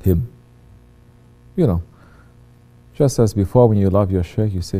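A man preaching a sermon in a low voice. His tone is mellow and dark. He acts out the voices he quotes, dropping to a hush and then rising loud. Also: a little slow, pauses often. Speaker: religious teacher.

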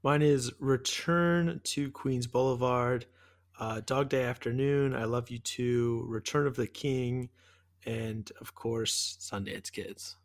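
Mid-pitched man chiming in casually. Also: fairly even intonation, slow. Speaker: podcast co-host. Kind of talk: casual chat.

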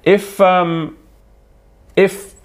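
A young man, a podcast co-host with a slightly hoarse throat, chatting casually with many restarts and laughs. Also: high voice, little pitch movement, drawn-out words. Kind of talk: casual chat.

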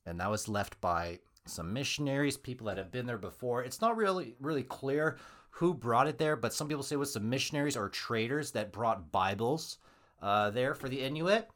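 A man's voice: fairly low pitch, fairly bright tone. A man hosting a podcast, telling a true story casually with wry joking asides.

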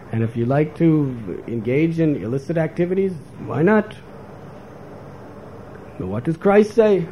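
A spiritual teacher with a mid-range voice delivers a lecture in sermon style, animatedly acting out the voices of those he quotes. The recording has its highs cut off and carries faint background noise.

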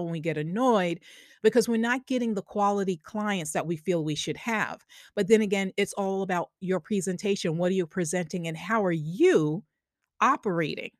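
A woman's voice: mid-range voice, no echo, clean studio sound. A woman with a Long Island accent hosting a podcast in an upbeat, chatty way. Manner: bubbly, enthusiastic, chatty. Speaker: podcast host. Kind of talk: casual podcast chat.

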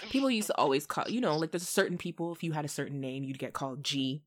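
A woman podcast host in casual chat, telling stories in an animated way and laughing often. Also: sits low, fast talker.

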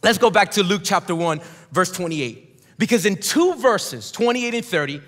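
A man preaching a sermon in a high, ringing voice, with a long reverb trailing off every phrase. He leads the congregation in call-and-response and swings from shouted declarations down to near-whispered drops. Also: animated, normal speed. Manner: emphatic, swings between shouts and hushed drops. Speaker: pastor. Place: church sanctuary.

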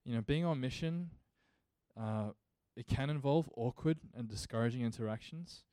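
A man preaching with a mellow, warm tone in a dry, close sound. He speaks earnestly and builds his points into emphatic rhetorical questions, like a pastor in the pulpit. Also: medium pitch, moderate pace, no room sound. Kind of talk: sermon.

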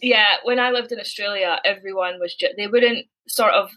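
Bright Scottish woman, lively guest. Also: mid-range voice, normal speed, rough recording. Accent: diluted Scottish. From Scotland. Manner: lively storyteller, laughs easily. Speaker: podcast guest. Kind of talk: casual podcast chat.

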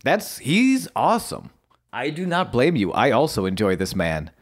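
A man co-hosting a wrestling podcast, chatting casually and recapping a match as an animated storyteller who swears freely. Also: medium pitch, moderate pace. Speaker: podcast co-host.

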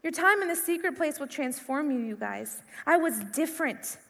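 Woman, youth preacher, very high voice, sharp tone, impassioned, long hall reverb. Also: animated, moderate pace, vocal fry. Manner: impassioned, conversational, full of repetition. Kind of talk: sermon.

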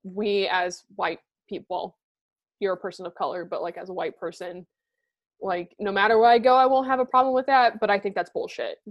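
A woman's voice: mid-range voice, fairly even intonation, fairly quick, dull audio. Young woman talking casually, blunt, swears a lot, lots of likes and ums. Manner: blunt, swears often, many fillers. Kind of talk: casual chat.

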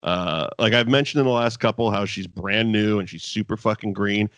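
A man's voice: on the low side, normal speed, no echo. A man casually recapping an old wrestling show with a co-host, swearing freely and laughing often. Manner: profane, animated, laughs often. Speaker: podcast co-host.

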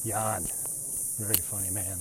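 A man's voice: on the low side, level tone, measured pace, background noise. A middle-aged American man telling a rambling, chatty story in a casual monologue, laughing often. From United States.

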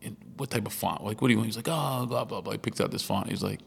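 A man co-hosting a casual podcast chat, an animated storyteller who laughs often and swears freely. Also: fairly low pitch, very fast, creaky, slightly rough, in a large hall. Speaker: podcast co-host.

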